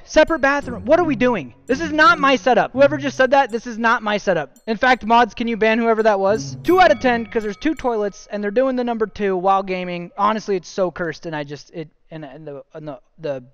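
A young man streaming, giving casual joking commentary as he rates viewers' gaming setups, often saying "dude" and "bro". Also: extremely high pitch. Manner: jokey, animated, says "dude" and "bro" a lot.

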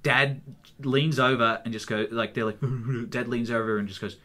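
A man's voice: medium pitch, steady tone, moderate pace, bright, forceful tone, a little hiss or hum. A man co-hosting a casual podcast, telling stories crudely and laughing often. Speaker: podcast co-host. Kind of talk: casual chat.

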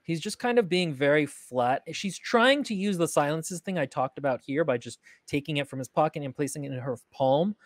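A woman's voice: deep voice, expressive, fairly quick, hardly any pauses, no echo, clean studio sound. A woman hosting a casual podcast critique, frank, wry and analytical, with a lot of "like" and "um". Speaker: podcast host and writing critic.

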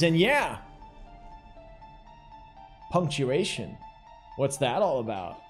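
A man with a high, light voice hosts a live trivia game, chatting brightly and cheering on the players in the chat. Faint music plays under him. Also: expressive, moderate pace. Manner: upbeat, chatty, addresses the chat directly. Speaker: game show host.

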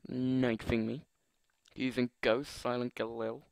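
A young man talks over his own gameplay at a slow, drawn-out pace, trading jokes and mutters with himself as opponents annoy him. His voice sits at an ordinary middle pitch. The recording is dry and close, with no room sound around it. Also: lively intonation, creaky, a bit bright, smooth, dry recording. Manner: joking, muttering, exasperated at opponents. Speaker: gaming commentator. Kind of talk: live gameplay commentary.

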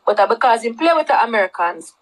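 A woman's voice: a little high, animated, fast. A woman with a Jamaican accent chatting casually on a livestream, rambling and repeating herself, mixing Patois into her talk.

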